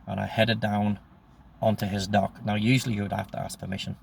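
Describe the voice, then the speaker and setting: A man's voice: on the low side, little pitch movement, a little fast, vocal fry, slight background noise. A man in his sixties telling a story from his past, blunt and profane, often breaking off and restarting. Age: 60s. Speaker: storyteller recounting his life. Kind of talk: personal storytelling monologue.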